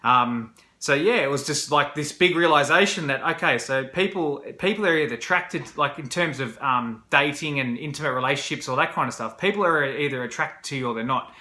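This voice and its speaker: A man shares his story in a casual, rambling vlog, full of fillers and restarts. His voice is bright and forward. The room around him rings with a noticeable echo. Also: fairly high pitch, brisk, hardly any pauses. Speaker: vlogger. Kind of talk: candid personal storytelling to camera. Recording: roomy echo.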